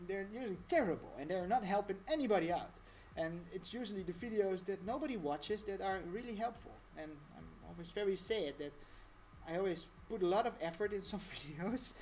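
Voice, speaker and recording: A woman's voice: mid-range voice, brisk, a little mellow, slight background noise. A woman talking through a casual live-stream tutorial, chatty and rambling, laughing often.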